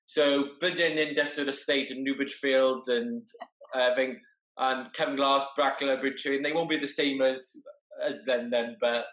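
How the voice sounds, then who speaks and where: Earnest man, halting and roomy. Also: mid-range voice, fairly even intonation, fairly bright tone. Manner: earnest, halting, repeats words often. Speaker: guest, wheelchair marathon entrant. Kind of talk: casual conversation. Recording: roomy, dull lo-fi sound.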